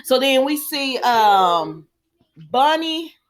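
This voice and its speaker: A woman's voice: high-pitched, very slow. Chatty woman recapping a soap. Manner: chatty, animated retelling with asides to the audience. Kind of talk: casual recap monologue.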